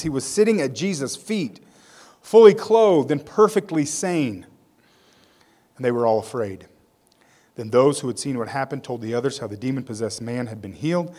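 A man's voice: fairly high pitch, a little mellow. A male pastor preaching a sermon. He reads scripture aloud, tells it as a story with casual asides, and leads a prayer.

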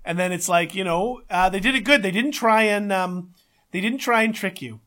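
A man co-hosting a casual podcast, talking in an excitable, emphatic way and swearing often. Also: high voice, normal speed. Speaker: podcast co-host.

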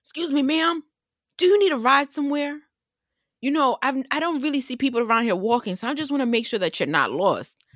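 A woman doing a pushy, overly helpful southern man who pulls up in his pickup truck. He talks fast and insistently in a voice pitched well above her own. The voice has a far-off quality. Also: lively intonation, fairly bright tone, no echo, clean studio sound. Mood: pushy concern. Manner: eager, insistent, rapid.

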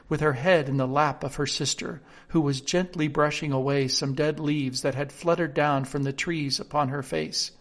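A man narrating a storybook in a steady, clear reading voice. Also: a little high.

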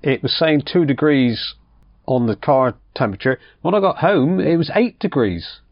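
A man's voice: mid-range voice, expressive, normal speed, no echo. A man co-hosting a casual football podcast, chatty and joking, laughing easily with his co-host. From Cornwall. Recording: dry, dull lo-fi sound.

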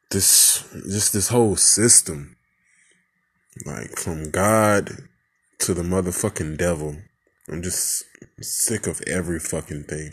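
A man's voice: low-pitched, husky. A man venting in an angry, profane rant, full of rhetorical questions and frustration.

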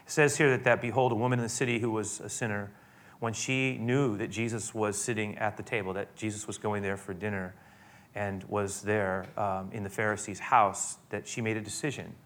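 A man preaching a sermon, retelling a scripture scene with many restarts, dropping to hushed tones and rising to emphatic peaks. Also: fairly low pitch, fairly even intonation, normal speed. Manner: storytelling with frequent restarts, swinging from hushed to emphatic.

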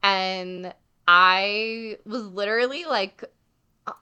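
A young woman telling a travel story in casual chat, full of "like" fillers and animated retelling. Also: mid-range voice, slow pace, clear, resonant tone.

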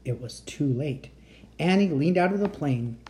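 A woman reading a children's chapter book aloud as a bedtime story, with lively storytelling. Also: a little slow. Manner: lively storytelling, raising pitch for shouted lines. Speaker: reader.

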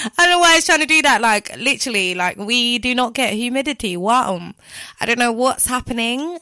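A woman's voice: on the high side, animated, normal speed, pushed and bright, no echo. A woman hosting a radio show, chatting casually and giggling, with many fillers.

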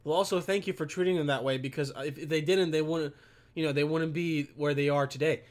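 A man's voice: fairly high pitch, steady tone, brisk. A young man venting to his camera in a rambling, profane rant, filmed on a camera set on his computer. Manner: profane, rambling, swears constantly. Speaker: vlogger.

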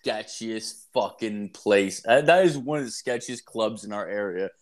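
A man's voice: lowish voice, lively intonation, unhurried. A young man from Canada telling crude stories in casual chat, rambling and swearing, with lots of fillers. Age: young adult. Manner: rambling, profane storytelling with many fillers.

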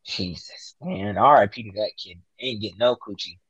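A man's voice: lowish voice, moderate pace, slightly rough, no room sound, lo-fi sound. Profane man animatedly retelling a movie. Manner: profane, animated, acts out quotes. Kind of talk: casual chat retelling a movie.

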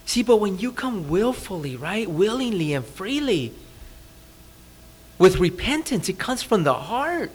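A pastor preaching to his congregation in a relaxed, conversational way. His voice sits high for a man and moves a great deal in pitch. He keeps asking his listeners questions and sometimes sinks almost to a hush for emphasis. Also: a little slow, husky. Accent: Californian. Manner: conversational, asks the audience rhetorical questions; drops to a soft, hushed voice for emphasis. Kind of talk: sermon. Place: church.

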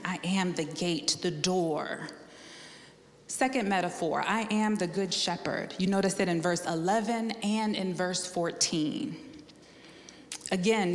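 A woman preaching a sermon in a church sanctuary, her voice ringing through an echoey hall with a long reverb tail. She repeats key phrases and calls for responses from the congregation. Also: mid-range voice.

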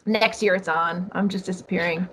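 A woman's voice: fairly low pitch, steady tone, normal speed, fairly bright tone, breathy edge. A woman guest in a casual chat, talking earnestly and rambling along with many fillers. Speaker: podcast guest, hunter.

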